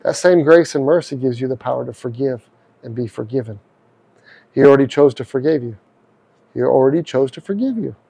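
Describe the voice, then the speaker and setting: A man's voice: mid-range voice, gravelly, warm tone, husky, low-quality recording. A middle-aged man hosting a devotional podcast, preaching in an earnest, conversational way. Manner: earnest, conversational, voices prayers aloud. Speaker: podcast host.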